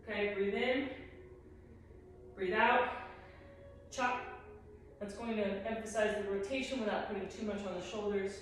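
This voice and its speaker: Slow, calm woman fitness instructor. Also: mid-range voice, a little hiss or hum. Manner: calm counting, cues breathing. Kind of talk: guided workout instruction. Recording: roomy echo, distant mic, music behind.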